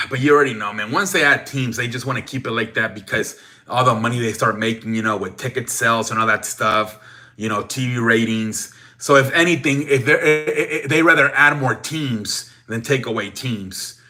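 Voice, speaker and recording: Young dude on a sports show going off, cussing, stumbling over words, bright edgy voice. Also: male voice, mid-range voice, normal speed. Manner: profane, rambling, frequent restarts and "man" tags. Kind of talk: casual sports rant.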